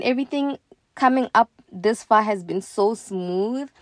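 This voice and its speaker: A woman's voice: fairly high pitch, normal speed, dry recording. Woman telling a story, dry close sound. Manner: animated, quoting others in her own voice. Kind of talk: casual storytelling to camera.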